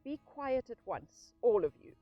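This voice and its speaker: Audiobook: woman doing a severe, dry-voiced old badger, commanding, lively inflection. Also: a little high, measured pace, no room sound, highs cut off, soft background music, pitched above the performer's own voice. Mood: stern. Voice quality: thin, dry voice. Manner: severe, commanding, then gently soothing. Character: stern wise old male badger.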